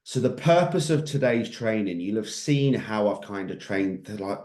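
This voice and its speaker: A man's voice: fairly low pitch, animated, moderate pace, a little mellow, echoey room. A man coaching a group on mindset, intense and emphatic, swearing freely. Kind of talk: motivational group training talk.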